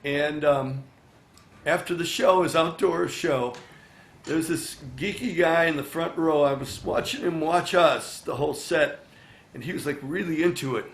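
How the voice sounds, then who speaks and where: An older man in a casual interview, sounding a touch higher than most men. He talks in a chatty, animated way, acting out snippets of dialogue. His voice carries the roomy echo of his studio. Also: measured pace. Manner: chatty, animated, acts out quoted dialogue, many "you know" fillers. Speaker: songwriter and musician, interview guest.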